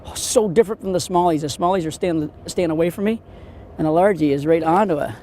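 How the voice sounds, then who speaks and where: A man hosting a fishing show, giving excitable, exclamatory commentary outdoors from a boat on a lake. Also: on the high side, fast talker, slight background noise. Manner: excitable, exclamatory, talks to the fish.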